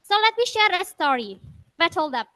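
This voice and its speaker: A woman's voice: extremely high pitch, very animated, moderate pace, heavy background noise. A woman giving a prepared club speech over a video call, chatty and asking the audience questions.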